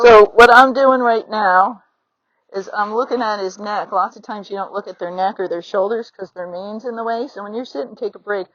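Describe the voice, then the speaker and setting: Through a phone mounted on the rider, a middle-aged woman is heard giving an outdoor riding lesson from horseback. She's chatty and encouraging, playing out what horse and rider are thinking, in a medium-pitched voice. The sound is slightly dull and lo-fi, with no room sound.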